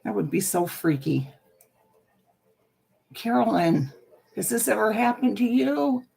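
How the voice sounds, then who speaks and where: A woman's voice: mid-range voice, animated, takes it slowly, creaky, mellow, slightly rough. An older woman chatting playfully on a livestream from home into a laptop microphone, greeting viewers by name. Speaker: livestream host. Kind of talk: casual livestream chat.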